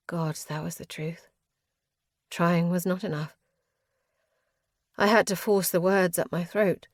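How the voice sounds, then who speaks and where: A woman's voice: mid-range voice, steady tone, unhurried, vocal fry, dry recording, clean studio sound. A woman narrating a first-person fantasy audiobook in an earnest, grief-heavy tone.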